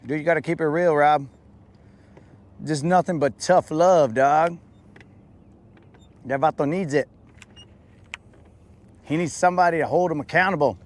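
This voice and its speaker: High-voiced, slow-talking man, slangy podcast chat. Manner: slangy, joking, calls listeners bro and dog. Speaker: podcast host. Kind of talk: casual chat.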